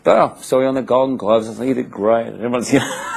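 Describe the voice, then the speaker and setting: A man, telling animated stories in a casual interview with frequent restarts. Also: medium pitch, gravelly, husky, rough recording. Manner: animated storyteller, quick restarts. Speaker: interviewed actor.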